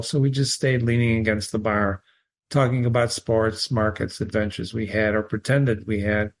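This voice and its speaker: A man reading a short story aloud, measured, with an occasional slip. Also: medium pitch. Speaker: reader.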